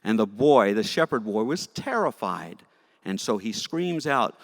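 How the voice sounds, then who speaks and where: A man teaching Sunday school, telling a story to children in a playful, animated, jokey way, in a church with long reverb. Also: lowish voice, a little slow, creaky. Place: church sanctuary.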